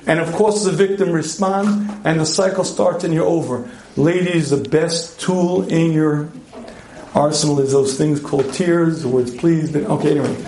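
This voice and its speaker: A middle-aged man giving a joking, animated marriage seminar talk to a live audience, clearing his throat often. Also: on the high side, normal speed, a little hiss or hum. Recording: echoey hall.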